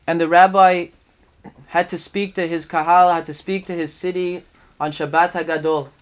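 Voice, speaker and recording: Emphatic high-voiced man preaching. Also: level tone, moderate pace, clean tone. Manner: storytelling preacher, rhetorical questions, sudden emphatic rises. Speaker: rabbi giving a talk. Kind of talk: sermon.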